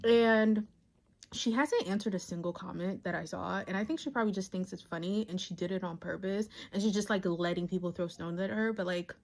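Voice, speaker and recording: A young woman chatting in a commentary vlog, animated and emphatic. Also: medium pitch, brisk. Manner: animated, swooping, emphatic storytelling.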